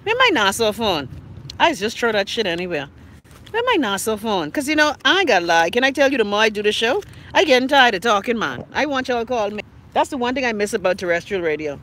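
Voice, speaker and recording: A Bahamian woman hosting a casual live stream on her phone, reading viewer comments in a blunt, profane, exasperated way with sharp swings in pitch. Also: sing-song, fast, a little hiss or hum. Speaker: live stream show host.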